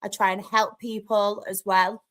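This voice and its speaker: Reading comments aloud on her live stream, a young woman with a Northern English accent keeps things casual and chatty. Her voice is mid-range, and she's lively, with quick bursts of laughter.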